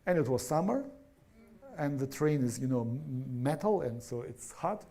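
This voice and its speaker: A man, a pastor preaching a sermon in a church, halting and restarting words with many fillers. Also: mid-range voice, lively intonation, gravelly, mellow.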